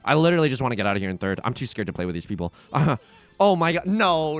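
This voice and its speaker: A young man commentating his own game as he plays, anxious and pleading, often begging out loud and exclaiming. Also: medium pitch, very animated, quick pace, soft background music. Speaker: let's play host. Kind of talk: live gameplay commentary.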